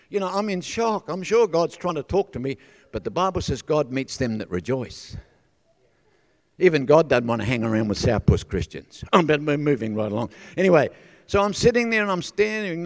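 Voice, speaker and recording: A man's voice: a little high, darkish tone, long reverb tail. An older man with an Australian accent preaching a humorous, storytelling sermon, calling out for amens. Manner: chatty, humorous, calls for amens. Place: church hall.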